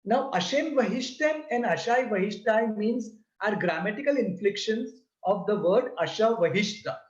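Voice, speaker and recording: A man giving a slow, deliberate lesson that explains a prayer and breaks its words into syllables. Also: high-pitched, expressive. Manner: deliberate, repeats and spells out syllables. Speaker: religious teacher. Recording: roomy, slightly dull sound.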